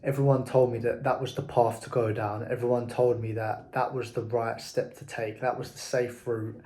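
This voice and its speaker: A man's voice: mid-range voice, level tone, moderate pace, dark tone. A man, speaking candidly in a reflective personal monologue about his working life. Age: 20s. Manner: candid, frank, occasional swearing. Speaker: entrepreneur vlogger.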